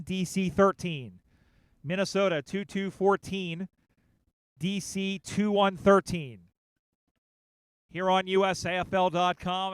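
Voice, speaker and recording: A man calling a live game as play-by-play commentator, building excitement in quick bursts on the big plays. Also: high-pitched, clean tone, no echo. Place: outdoor sports field broadcast.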